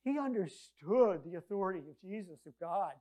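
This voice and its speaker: A woman preacher gives her sermon like a conversational story, acting out the people in her scripture passages. Her loudness shifts quickly, rising for big moments and sinking low for quiet ones, in an animated style full of quoted voices.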